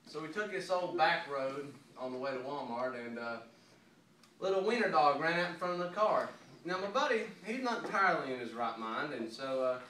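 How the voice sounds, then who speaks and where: A man's voice: fairly high pitch, fairly quick. A man being interviewed, telling a comic anecdote in a casual way and laughing through it. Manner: animated, laughing anecdote teller. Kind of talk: casual storytelling. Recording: echoey room, mic at a distance, faint noise.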